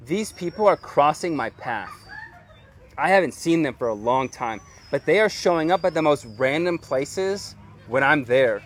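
Earnest slightly high-voiced man preaching. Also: lively intonation, moderate pace, a little hiss or hum. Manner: earnest, conversational preaching with casual slang. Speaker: pastor. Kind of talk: sermon.

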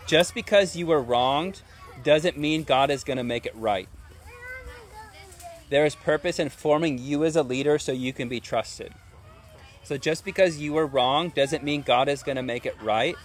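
A man's voice: on the high side, moderate pace. A man preaching a sermon in a conversational way, often asking his listeners rhetorical questions.

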